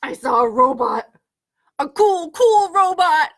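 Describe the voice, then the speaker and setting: A woman voicing an excitable, moody young male elephant, loud, high and dramatic as she reads a children's picture book aloud. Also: measured pace, exaggerated voice. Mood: excited. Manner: loud, high and dramatic, swinging between sad and thrilled.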